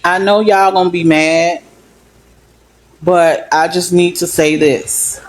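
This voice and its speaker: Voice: mid-range voice, fairly even intonation, slow pace, poor audio. A person giving a blunt, scolding warning in a casual phone video.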